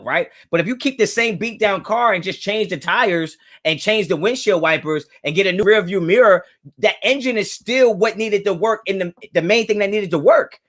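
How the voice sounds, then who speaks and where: A man's voice: sits high, a bit bright. A man hosting a live sports fan stream, talking casually and emphatically to his chat and repeating his points. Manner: talks to his chat directly. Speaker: sports fan livestream host.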